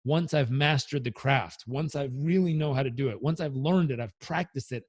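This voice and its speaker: A man's voice: medium pitch, normal speed, breathy edge. A man, a motivational coach, telling a story in an interview and acting out the characters. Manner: animated storyteller, acts out the characters. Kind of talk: conversational storytelling.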